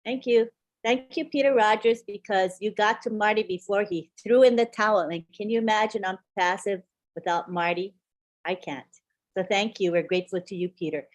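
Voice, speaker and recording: A woman's voice: medium pitch, fairly even intonation, moderate pace. A woman hosts a webinar. She thanks the last speaker in a grateful, plain-spoken way. Then she makes announcements about what comes next. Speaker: webinar host. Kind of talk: hosting announcements.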